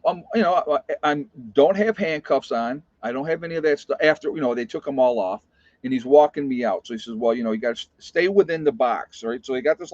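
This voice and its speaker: A man's voice: mid-range voice, a little mellow, dry recording. Guy in his 50s rambling thru a story, lotta you knows, kinda dull dry recording. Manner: rambling, lots of "you know" and restarts. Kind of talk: casual storytelling monologue. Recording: dry, slightly dull sound.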